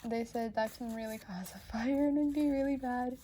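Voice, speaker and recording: A woman's voice: a little high, fairly even intonation, normal speed, mellow, a little hiss or hum. A young woman giving a casual pick-a-card reading as a tarot reader, chatty and rambling with many fillers and restarts. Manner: emotional, gushing.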